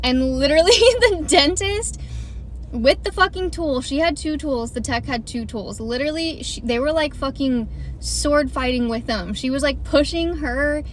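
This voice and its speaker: A woman's voice: high voice, normal speed, slight background noise. A woman telling a casual storytime, chatty and full of fillers, laughing and swearing as she goes. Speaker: vlogger.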